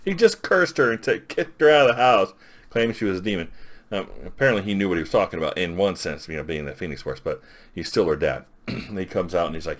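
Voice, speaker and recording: Man, very low voice, comic reviewer, casual rambling recap, lots of "you know". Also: expressive, fast, fairly bright tone. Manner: rambling, filler-heavy recap with quoted lines.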